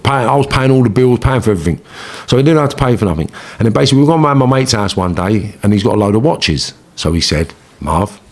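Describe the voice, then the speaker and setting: A man's voice: medium pitch, vocal fry. Blunt London man telling stories. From England. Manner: blunt, swearing, street slang, repeats himself. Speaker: interview guest. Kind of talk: storytelling in an interview.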